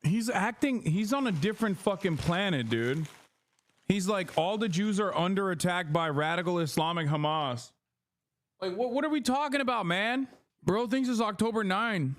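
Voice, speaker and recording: A man's voice: high voice, no room sound, studio quality. A man streaming, reacting to a news clip with profane, sarcastic and incredulous casual commentary.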